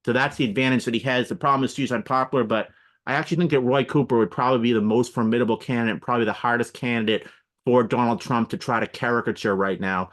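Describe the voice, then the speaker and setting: A man's voice: mid-range voice, fairly even intonation, quick pace, fairly bright tone. A man speaking as a political analyst guest in a radio interview, explaining at length and listing names and examples.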